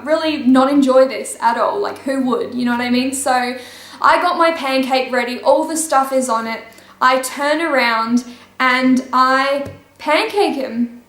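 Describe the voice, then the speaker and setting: A woman vlogger chatting through a storytime in a lively, animated way, with a laugh now and then. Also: high voice, roomy sound. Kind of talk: casual storytime.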